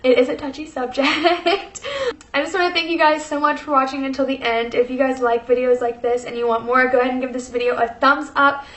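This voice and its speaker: The echoey room carries a young woman vlogger's high, fairly bright voice as she talks a little fast through a personal story in casual chat. Fillers pepper her speech, and she's emotional and near tears, both tearful and laughing.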